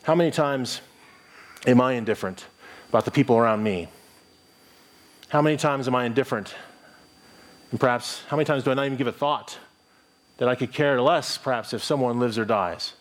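A man's voice: mid-range voice, fairly quick, pauses often. A middle-aged man preaching a sermon in an earnest, conversational way, reading scripture aloud and often restarting his phrases. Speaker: pastor.

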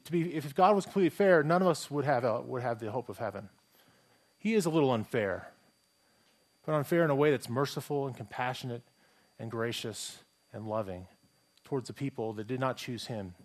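A male pastor preaching at a middle pitch for a man, in a relaxed, conversational way. He asks the listeners rhetorical questions and often repeats words as he restarts a phrase. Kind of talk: sermon.

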